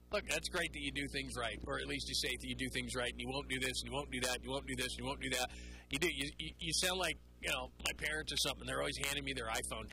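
A man hosting a call-in sports radio show, talking in an animated, rambling way and mocking people in put-on voices. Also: mid-range voice, low-quality recording.

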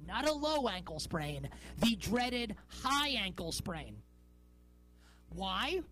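A woman's voice: medium pitch, big pitch swings, slow pace, a bit bright, soft background music, poor audio. A woman in her thirties hosting a sports talk show, giving a rambling, incredulous monologue with heavy stress on key words.

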